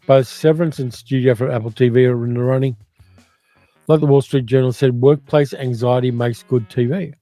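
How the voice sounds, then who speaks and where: An older man with an educated Australian accent hosts a relaxed livestream and talks easily between viewer comments. His voice is dark and mellow, recorded dry and close, with faint music underneath. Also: medium pitch, moderate pace, no echo. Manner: chatty, reads viewer comments aloud and muses on them. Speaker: movie channel host reading live chat. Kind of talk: casual livestream chat.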